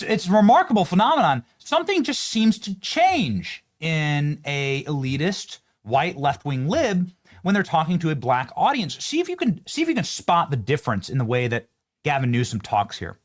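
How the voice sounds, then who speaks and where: A man from Iowa hosting a political interview, lively and incredulous. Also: on the high side, moderate pace. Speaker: show host.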